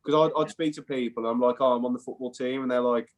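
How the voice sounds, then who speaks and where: Chatty young English lad. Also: male voice, mid-range voice, fairly even intonation, fast. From England. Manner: chatty, swears, says "mate" a lot. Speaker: interview guest. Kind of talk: casual chat.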